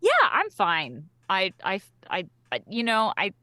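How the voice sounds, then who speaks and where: Lively woman player, dry close sound. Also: mid-range voice, unhurried, dry recording. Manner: playful, joking, self-mocking. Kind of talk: tabletop game role-play.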